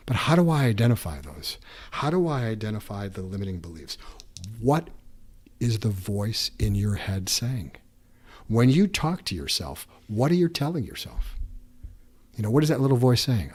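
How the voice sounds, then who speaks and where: Man, low voice, husky, motivational podcast host, earnest coaching talk. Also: very animated, moderate pace, a little mellow. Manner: earnest coaching tone, voices inner doubts aloud.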